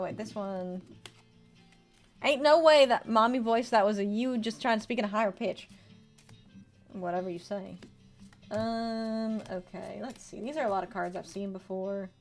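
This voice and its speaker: A woman in her twenties chatting casually on a livestream, reading card text aloud and answering her chat. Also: a little high. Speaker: streamer. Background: faint background music.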